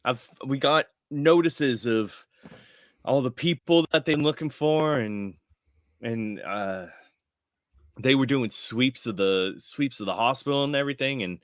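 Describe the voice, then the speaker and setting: A man's voice: medium pitch, no room sound, studio quality, lightly acted. A man voicing a stern middle-aged mother with a Southern US drawl, in a tabletop game. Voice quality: drawling, measured.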